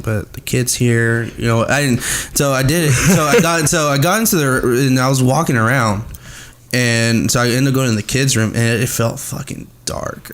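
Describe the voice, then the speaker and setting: A man tells a story as a podcast guest, in an easy, mid-pitched voice. His talk is loose and full of swearing, and he slips into the voices of the people in his story. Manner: profane storytelling, acts out dialogue. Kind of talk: casual chat.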